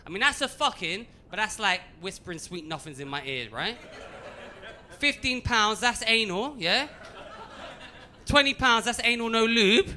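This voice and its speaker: High, bright-voiced male stand-up comic. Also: measured pace, slight background noise. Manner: animated, swings from muttering to shouting. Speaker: stand-up comedian. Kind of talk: stand-up comedy routine. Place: comedy club stage.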